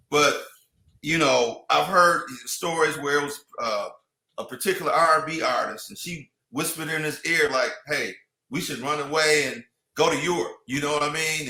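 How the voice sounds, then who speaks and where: A man's voice: fairly high pitch, pushed and bright, echoey room, low-quality recording. A man in casual podcast chat, rambling with many restarts and "you know what I mean".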